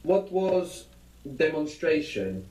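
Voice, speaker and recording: A man's voice: fairly high pitch, big pitch swings, slow, echoey room, a crowd in the background, low-quality recording. A man teaching a language lesson, patiently prompting his students with questions.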